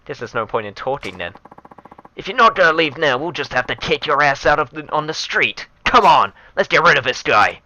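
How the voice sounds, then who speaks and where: A man voicing a brash male thug collecting rent, in a loud, sneering reading. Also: fairly high pitch, very animated, fairly quick, no echo, muffled recording, pitched above the performer's own voice, exaggerated voice.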